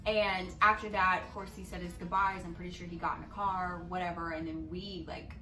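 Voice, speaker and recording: A young woman vlogger telling a story casually, with lots of expression and swearing, and she jumps into loud squeaky voices when she quotes people. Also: level tone, brisk, far from the mic. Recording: echoey room, a little off-mic, music underneath.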